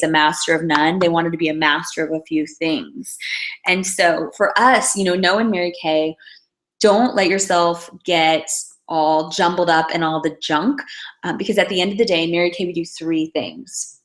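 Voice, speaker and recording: A young woman giving a casual motivational talk as a team leader, telling stories in a chatty way with many fillers. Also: fairly low pitch. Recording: roomy echo.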